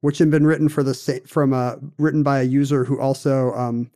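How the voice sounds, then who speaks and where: A man's voice: mid-range voice, flat delivery, fairly quick, warm tone. A man hosting a casual chat, explaining a story in a wry, conversational way with dry asides.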